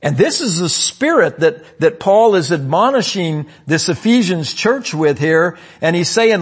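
A man preaching a sermon, calling out "amen?" to the congregation and swinging between loud emphatic lines and low asides. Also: big pitch swings, moderate pace, hardly any pauses, slightly rough. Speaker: pastor.

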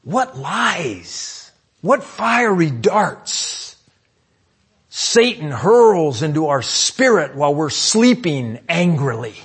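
A man preaching a sermon, calling out "amen?" to the congregation and swinging between loud emphatic lines and low asides. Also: big pitch swings, slow pace, husky. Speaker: pastor.

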